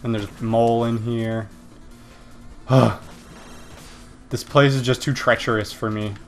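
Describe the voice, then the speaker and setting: A man's voice: mid-range voice, takes it slowly, soft background music. A man casually commenting on his own gameplay, yelping and swearing at his failures and mocking other gamers. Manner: excitable, yelps and swears at failures. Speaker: let's play gamer.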